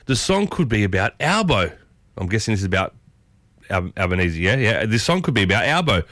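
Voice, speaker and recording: A man with an Australian accent hosting a morning radio show, chatty and upbeat, often jumping up in pitch. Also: big pitch swings, a little fast, a bit bright, dry recording. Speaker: radio host. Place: radio studio. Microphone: studio microphone.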